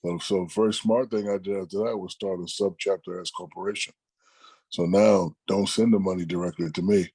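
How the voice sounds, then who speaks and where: A middle-aged man, an interview guest, telling stories in a relaxed, conversational way and acting out the people he quotes. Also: sits low, breathy edge, no echo. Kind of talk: casual storytelling.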